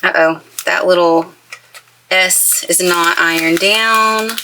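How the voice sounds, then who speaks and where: A woman's voice: fairly low pitch, steady tone, slow pace, noisy background. A woman from East Texas with a light East Texas accent, chatting through a crafting tutorial in the craft space of her travel trailer. She gushes happily as she works with her hands. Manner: chatty and gushing, talks while working with her hands. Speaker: craft YouTuber. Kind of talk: casual crafting tutorial chat. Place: craft space inside a toy hauler trailer.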